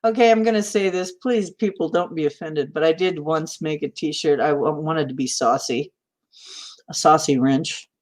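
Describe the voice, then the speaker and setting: Low-voiced midwestern lady hosting a stream, radio announcer polish, chatty, laughs a lot. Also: moderate pace. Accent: flat Midwestern American, announcer style. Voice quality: radio-trained announcer delivery. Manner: chatty and warm toward viewers, laughs often. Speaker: host of a spiritual livestream. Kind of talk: casual livestream chat reading viewer comments.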